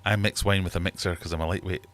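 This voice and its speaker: Man, british accent, thirties, very low voice, rambling livestream host, jokey, reads chat aloud. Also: steady tone, quick pace, a bit bright. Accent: British English. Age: 30s. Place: home fish room.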